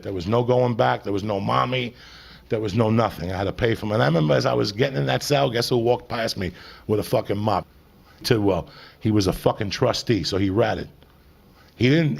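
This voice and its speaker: A middle-aged male comedian with a heavily gravelly voice and a husky, rough edge to it. He rambles through a confessional story on stage, swearing constantly and talking straight to the crowd. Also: mid-range voice. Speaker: stand-up comedian. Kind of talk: stand-up storytelling.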